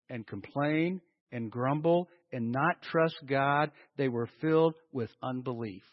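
A man preaching a sermon in a large church hall, animated and full of rhetorical questions. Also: on the high side. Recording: dull lo-fi with long hall reverb.

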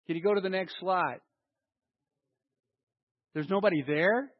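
High-voiced man preaching a sermon. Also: measured pace, dry recording, lo-fi sound. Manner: dynamic preaching with big swings in loudness and emphasis; leads the congregation in call and response. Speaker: pastor. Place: church hall with a congregation.

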